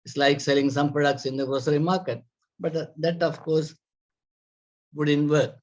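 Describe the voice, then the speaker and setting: Sri Lankan man lecturing, somewhat high voice. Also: level tone. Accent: Sri Lankan English. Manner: measured, methodical, lists points one by one. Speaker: agricultural extension expert. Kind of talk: explanatory lecture. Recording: dull lo-fi recording.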